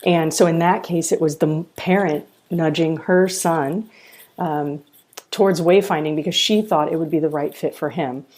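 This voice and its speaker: Low-voiced woman telling earnest stories. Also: moderate pace. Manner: earnest, animated storyteller. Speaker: college founder and president. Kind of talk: podcast interview, storytelling.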